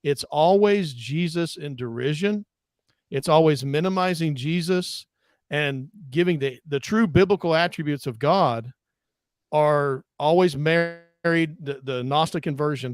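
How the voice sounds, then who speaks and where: A man's voice: on the high side, dry recording, studio quality. A man on a casual online panel, talking animatedly and groping for names as he goes. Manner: animated, acts out quotes, gropes for names. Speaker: ministry discussion panelist.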